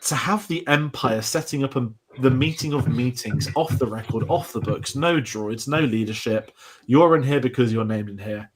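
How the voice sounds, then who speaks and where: A man's voice: mid-range voice, moderate pace, slight background noise. A young British man hosting a casual show discussion, rambling with restarts and asides. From Britain. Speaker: podcast host.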